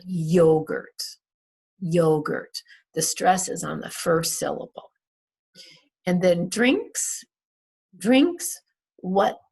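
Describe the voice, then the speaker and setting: A woman's voice: fairly low pitch, creaky, a little mellow, slightly rough. A woman English teacher recapping a class, patiently repeating words to model their stress. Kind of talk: recorded class recap, slow and deliberate.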